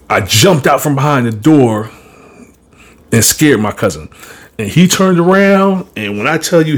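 A man hosting a podcast, talking in a casual, blunt and profane way as he tells an animated story and gives his views. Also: medium pitch. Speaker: podcast host.

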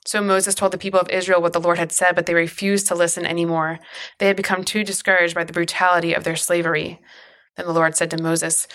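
A woman giving a steady, measured reading of scripture in an even, low-key manner. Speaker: scripture reader.

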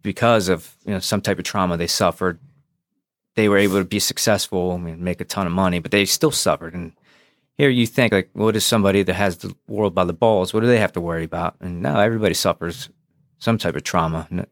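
A man's voice: low voice, fairly quick, no room sound, studio quality. A man and former police officer telling his own story on a podcast, frank and profane, acting out past conversations. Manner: frank and profane, re-enacts dialogue. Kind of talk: candid personal storytelling.

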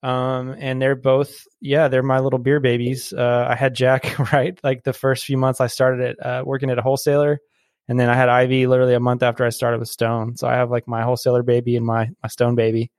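A man in his thirties, a podcast guest telling stories in a loose, animated way, laughing often and filling gaps with um and like. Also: mid-range voice, a little fast, dry recording, clean studio sound. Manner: animated storyteller, laughs often, many fillers. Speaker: podcast guest, brewery employee. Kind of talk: casual podcast conversation.

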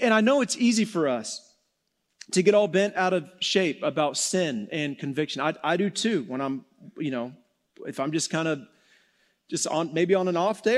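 A man preaching a sermon in an earnest way, slowing and dropping soft for emphasis, then rising again. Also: a little high. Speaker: pastor.

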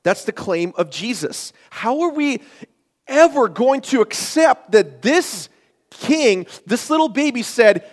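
A male pastor preaching a sermon in a church, emphatic and full of rhetorical questions, swinging from loud to hushed. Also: very high voice, big pitch swings, takes it slowly. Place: church sanctuary. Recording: long hall reverb.

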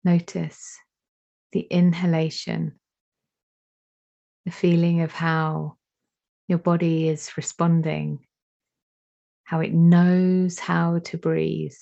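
A woman leads a guided meditation in a deep, mellow voice with plenty of vocal fry. She speaks at an extremely slow pace and leaves long, soothing pauses between phrases. The recording sounds dull and slightly lo-fi. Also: little pitch movement. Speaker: meditation teacher.

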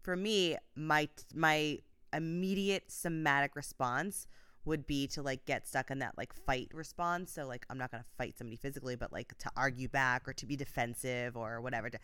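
A woman's voice: extremely low pitch, normal speed, a bit bright, clear, resonant tone, no echo. Upbeat chatty woman podcast host. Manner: chatty and upbeat, many "like" fillers. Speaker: podcast host, life coach. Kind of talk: casual solo podcast talk.

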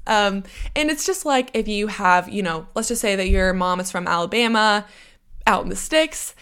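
A young woman with an American accent talks on her own in a loose, chatty way, wandering into side notes. Her pitch sits in a middle register, neither high nor low. It sounds like a casual solo podcast episode. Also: a bit bright, clear, resonant tone. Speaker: podcast host.

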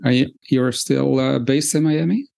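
A man's voice: medium pitch, fairly even intonation, moderate pace, creaky, dark tone. A man hosting a podcast, asking questions with a hesitant manner and many fillers. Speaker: podcast host. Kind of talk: interview questions.

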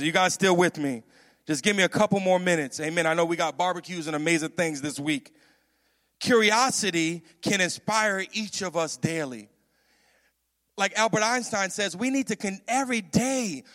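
A male pastor preaching a sermon, animated and repetitive, often calling out questions to the congregation. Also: high voice, big-room sound. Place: church.

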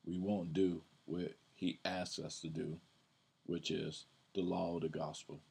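A man with a deep, low-pitched voice and a husky edge explains scripture on his podcast. He speaks casually and conversationally, circling back on his words and leaning into the verses he reads aloud. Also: level tone, measured pace, a little mellow. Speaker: podcast Bible teacher.

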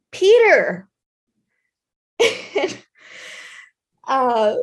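A woman with a Southern US accent spins a story in a relaxed conversational chat. Her voice sits a touch on the high side, and she talks in an animated, chatty way with lots of casual fillers. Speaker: guest storyteller, former intervention specialist.

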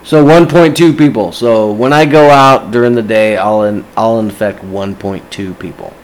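A man's voice: on the low side, moderate pace, rough recording. A man ranting casually to camera, agitated and swearing constantly.

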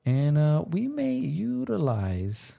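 A man co-hosting a casual podcast, upbeat and chatty, often pausing with "uh". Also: on the high side, wildly swooping pitch, vocal fry, warm tone. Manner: upbeat, fills pauses with "uh". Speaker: podcast co-host.

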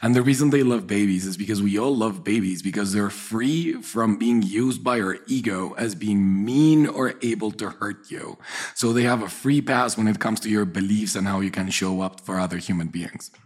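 Male podcast co-host, low husky voice, calm and explanatory. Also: moderate pace. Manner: calm, explanatory, speaks in confident pronouncements. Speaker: podcast co-host, personality-type coach. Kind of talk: casual podcast chat.

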